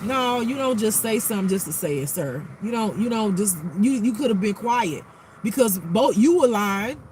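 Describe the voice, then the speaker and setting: A man with a strikingly high voice tells a story in a casual, blunt, animated way, swearing freely and acting out what people said. He talks as a spiritual life coach. Clear street and car noise runs behind him. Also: normal speed. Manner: acts out quotes in a raised voice. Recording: clear outdoor traffic noise. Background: passing cars and street noise.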